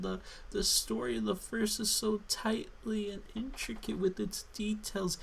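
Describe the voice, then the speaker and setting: A man ranting alone while drunk, swearing and exasperated. He talks slowly, with long drags between his words. A faint hiss of noise runs under the recording. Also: high voice, expressive, vocal fry. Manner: angry, profane, exasperated. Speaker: channel host. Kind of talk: drunken solo rant.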